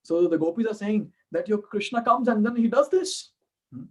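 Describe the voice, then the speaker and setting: A man with an Indian accent, a temple speaker giving an animated devotional storytelling talk and acting out the characters. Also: high voice, moderate pace.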